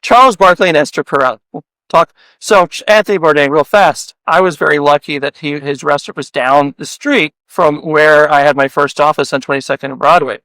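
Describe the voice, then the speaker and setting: Bright-voiced joking male podcast host. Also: on the high side, brisk, dry recording, low-quality recording. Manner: joking, fires off playful hypothetical questions. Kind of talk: casual interview chat.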